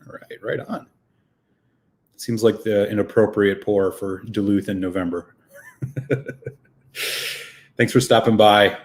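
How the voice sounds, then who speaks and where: A man's voice: on the low side, steady tone, slow pace, long pauses. A man hosting a live whisky stream, chatting casually and greeting viewers by name, a little out of breath after a run.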